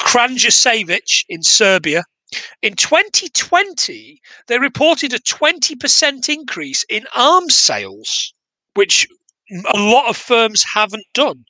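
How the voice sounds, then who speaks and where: A man with a high voice and a very sharp, bright tone, chatting on a podcast. He tells stories in an animated, joking way, swears freely and pokes fun at himself. The sound is dry and close. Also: dry recording, rough recording. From Glasgow area, Scotland. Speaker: podcast co-host reviewing a film. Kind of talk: casual chat.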